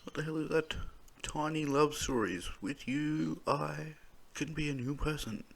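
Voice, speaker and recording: A man's voice: fairly high pitch, unhurried, creaky, fairly bright tone. An Australian man reading news stories aloud, breaking off into sweary, angry comments. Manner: swearing, angry outbursts between read lines.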